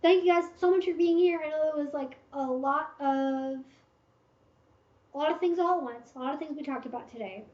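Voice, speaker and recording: A woman's voice: sits high, fairly quick. A woman hosting a casual livestream Q&A, giving frank, direct advice with lots of fillers. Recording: roomy, slightly dull stream audio.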